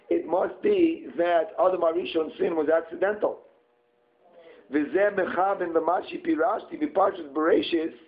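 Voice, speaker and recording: A man giving a Torah study lesson, reading Hebrew phrases aloud and translating them into English line by line. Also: a little high. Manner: reads Hebrew text then translates phrase by phrase. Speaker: Torah teacher. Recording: tinny phone-like sound.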